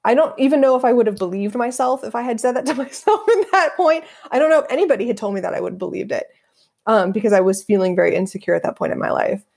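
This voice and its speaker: A woman's voice: fairly high pitch, fast talker, gravelly, darkish tone. A middle-aged woman who works as a feng shui practitioner, answering interview questions in an earnest, reflective way and laughing easily.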